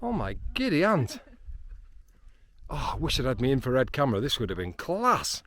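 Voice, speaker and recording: A man, chatting excitedly outdoors on a hilltop, with frequent ums. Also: mid-range voice, normal speed. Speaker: landscape photographer. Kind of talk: casual vlog narration while hiking.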